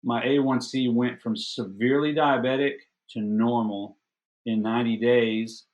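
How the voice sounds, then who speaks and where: A man, a health coach, chatting as a podcast guest and telling a personal story in a lively, animated way. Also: medium pitch, a little slow, dull audio. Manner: chatty, animated storyteller, grows lively retelling a funny moment. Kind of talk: casual storytelling interview.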